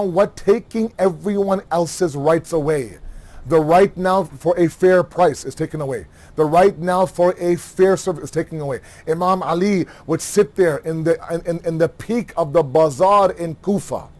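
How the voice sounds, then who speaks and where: A man giving a religious lecture, animated, asking rhetorical questions and acting out everyday dialogue. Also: fairly high pitch. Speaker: Muharram lecturer.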